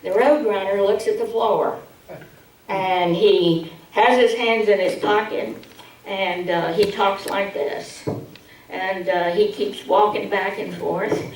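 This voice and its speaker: Woman presenter, slow humorous delivery, low-ish voice, distant mic, echoey hall. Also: steady tone, a little hiss or hum. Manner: slow, humorous, instructive, with many fillers. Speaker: workshop presenter. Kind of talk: public speaking training demo.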